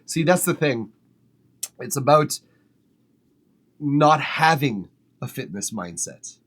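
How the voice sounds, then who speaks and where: A man's voice: mid-range voice, slow pace. A man hosting a music feedback livestream, chatting casually and swearing freely while he eats. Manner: relaxed, chatty, swears casually, laughs often. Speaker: music feedback stream host. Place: home studio.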